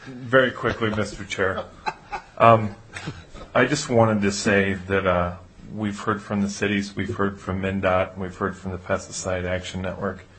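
Lawmaker guy, really deep flat voice, emphatic, faint hum. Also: measured pace. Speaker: legislator. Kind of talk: committee comment.

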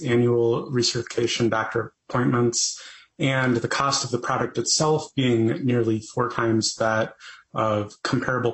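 A man representing an advocacy group delivers prepared testimony to lawmakers. He reads briskly and steadily, as if from notes, in a plain middle voice. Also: medium pitch, rough recording.

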